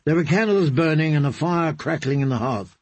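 A male audiobook narrator with a husky, slightly high voice, reading in a steady storytelling way. The sound is dry and close to the mic. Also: a little fast, no echo. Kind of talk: scripted narration.

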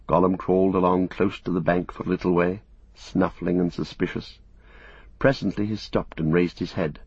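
A man steadily narrating an audiobook in a measured storytelling manner. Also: low voice, little pitch movement, creaky, husky, dry recording. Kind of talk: scripted narration. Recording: dull, muffled recording.

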